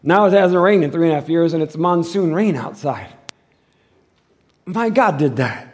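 Male pastor, high-pitched voice, animated sermon, loud then hushed, church service. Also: moderate pace. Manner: animated preaching, swings between loud and hushed.

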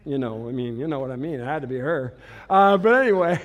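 A man's voice: mid-range voice, expressive, fairly quick. A man giving a storytelling sermon as a pastor, chatty and self-mocking, laughing at himself.

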